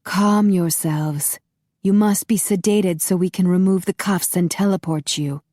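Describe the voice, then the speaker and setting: A woman voicing a cold, commanding masked male vampire overlord who speaks in a slow, muffled, measured way. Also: lowish voice, steady tone, dark tone, no echo, studio quality.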